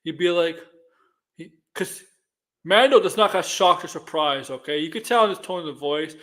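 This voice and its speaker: A man's voice: on the high side, moderate pace, a bit bright. A middle-aged man co-hosting a movie news show in casual chat, rambling and repeating himself with many restarts.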